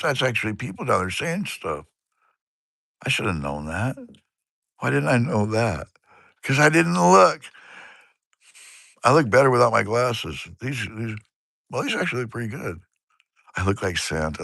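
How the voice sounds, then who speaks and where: A man's voice: low-pitched, a bit bright, dry recording, studio quality. An older man from Washington State, rambling and chuckling as he chats with viewers on his livestream. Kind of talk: rambling casual livestream chat.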